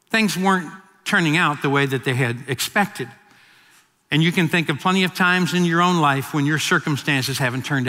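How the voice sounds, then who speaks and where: A male pastor in his fifties preaches a sermon, with a high, bright, ringing voice. He tells stories with frequent restarts and repeated words. The sound carries a long reverb, as in a large hall. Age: 50s.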